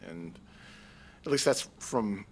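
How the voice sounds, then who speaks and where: A man from the Marshall Islands, a guest on a podcast, talking in a laid-back, dry and sarcastic way with halting fillers. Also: on the low side, animated, a little mellow. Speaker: guest, army veteran. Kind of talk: casual interview chat.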